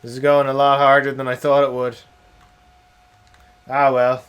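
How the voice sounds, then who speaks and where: A young man, streaming a game and chatting casually, swearing and yelling at the game. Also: medium pitch, monotone, normal speed, clear, resonant tone. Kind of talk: casual live-stream commentary.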